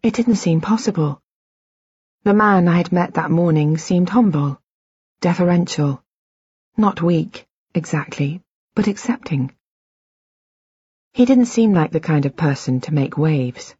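A woman reading an audiobook in the first person, in a measured, quiet and introspective way. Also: on the low side, expressive, husky, no echo, dull audio. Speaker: audiobook narrator. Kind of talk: scripted audiobook narration.

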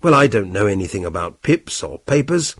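Man reading as a stubborn father, gruff, dismissive, husky. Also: lowish voice, sing-song, a little fast, dry recording.

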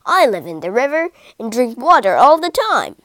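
A woman doing a proud hippopotamus from a storybook, loud and sure of himself, his voice pitched a little low. It is recorded close and dry. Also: sing-song, moderate pace, dry recording. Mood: boastful. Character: proud, bragging male hippopotamus.

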